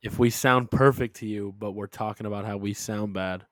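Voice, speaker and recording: A man's voice: on the low side, fairly even intonation, moderate pace, fairly bright tone, dry recording. A man co-hosting a casual podcast, teasing his friends with dry quips. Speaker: podcast co-host. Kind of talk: casual chat.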